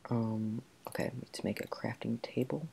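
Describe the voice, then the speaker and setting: A man narrating his own gameplay in a frantic rush, muttering orders to himself. His voice is mellow and soft-edged, with a faint hiss of noise behind it. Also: medium pitch, fairly even intonation, moderate pace, gravelly. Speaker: gamer. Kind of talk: gameplay commentary.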